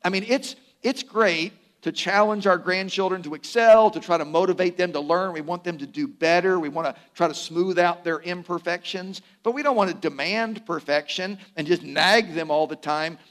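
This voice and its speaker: An older man, a pastor, preaching a conversational sermon with humorous asides, sometimes dropping to a soft, slow emphasis on key phrases. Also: sits high.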